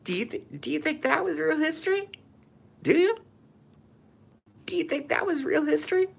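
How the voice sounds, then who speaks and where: A man puts on a shrill, sneering taunter who talks down to his listeners. The voice is sing-song baby talk, pitched far above a normal speaking voice. It is recorded on a phone. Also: big pitch swings, normal speed, vocal fry, full character voice. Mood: mocking.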